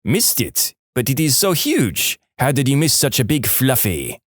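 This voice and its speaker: Guy doing a harsh french-canadian lady drill sergeant, stern and mock-formal, pitch jumps all over. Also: huge pitch swings, unhurried, dry recording, studio quality. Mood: stern scolding.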